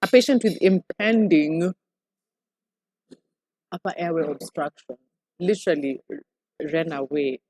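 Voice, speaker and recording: A woman's voice: on the low side, animated, unhurried, long pauses, darkish tone, faint music behind. A young woman doctor with a Kenyan accent, chatting animatedly in an interview and slipping Swahili phrases into her English. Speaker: newly qualified doctor, guest. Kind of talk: casual interview chat.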